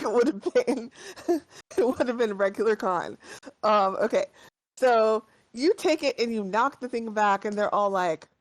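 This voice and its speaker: A woman's voice: fairly high pitch, no echo. A woman narrating a tabletop game as game master, describing scenes in a rambling way full of fillers.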